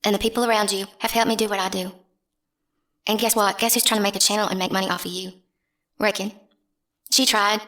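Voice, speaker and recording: A woman's voice: mid-range voice, level tone, a little fast, pauses often, a bit bright. A young woman, ranting bluntly and scornfully in a casual vlog. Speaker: channel host.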